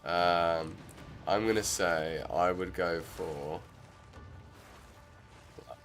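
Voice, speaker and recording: Low-voiced man chatting while gaming. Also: extremely slow, fairly bright tone, faint music behind. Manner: rambling, chatty, heavy use of "like" fillers. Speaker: streamer. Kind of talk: casual gameplay commentary.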